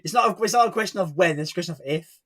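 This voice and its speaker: A man's voice: sits high, very fast, fairly bright tone. A man co-hosting a live stream over a video call, chatty and giggly, reading out chat comments and swearing casually.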